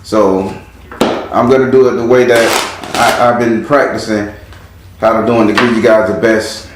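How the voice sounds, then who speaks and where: A man giving a casual spiritual tarot reading in a relaxed way, chanting words over and over as he reads the cards. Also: on the low side, moderate pace, background noise. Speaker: tarot card reader. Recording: very echoey room.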